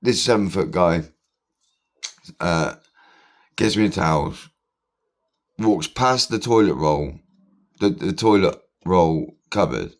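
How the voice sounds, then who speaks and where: Guy, really low voice, rambly story full of swearing. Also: expressive, slow, pauses often. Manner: swears freely, repeats himself. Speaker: vlogger.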